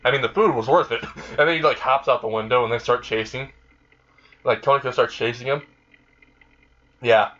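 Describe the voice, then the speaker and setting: A man's voice: mid-range voice, normal speed, pauses often, a bit bright, dull audio. A man casually retelling a fan-made story in a rambling way, with many fillers. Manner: rambling, frequent fillers and laughing.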